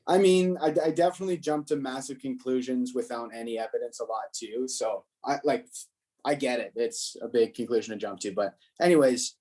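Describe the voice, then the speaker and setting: A man's voice: medium pitch, brisk, mellow. A young adult man, a stand-up comedian, chatting loosely on a podcast and telling rambling stories with plenty of swearing. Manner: loose and profane, rambling storyteller. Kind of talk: casual podcast chat.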